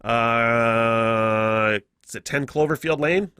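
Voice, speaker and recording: A man's voice: medium pitch, slow pace, pushed and bright, smooth, no room sound. An American man hosting a casual solo podcast, profane and laughing often, on a close mic. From United States. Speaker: podcast host.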